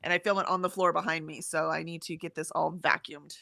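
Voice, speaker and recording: Brief: chatty middle-aged woman co-host, bright voice, dry close mic. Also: sits low, little pitch movement, brisk, gravelly, no echo. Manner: reads chat comments aloud, chatty and laughing. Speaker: co-host of a livestream. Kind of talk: casual chat.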